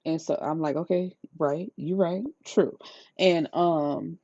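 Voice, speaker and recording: A woman's voice: deep voice, slow pace, no echo. Woman ranting about a book, incredulous. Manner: incredulous, profane, animated storytelling. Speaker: book reviewer. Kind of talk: casual book review rant. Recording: slightly dull lo-fi sound, dry.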